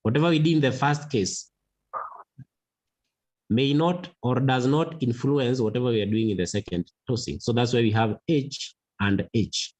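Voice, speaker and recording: A man teaching a mathematics lesson, slow and deliberate, repeating key words for emphasis. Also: mid-range voice, a little mellow, low-quality recording. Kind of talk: classroom lesson.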